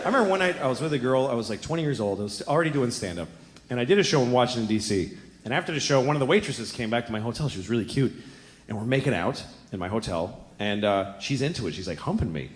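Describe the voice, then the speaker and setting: A man performing a stand-up comedy set on a club stage, telling crude, confessional stories in a handheld stage mic. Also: fast. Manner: crude, confessional storytelling with lively pitch swings. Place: comedy club stage before a live audience. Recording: echoey live room with clear ambient noise.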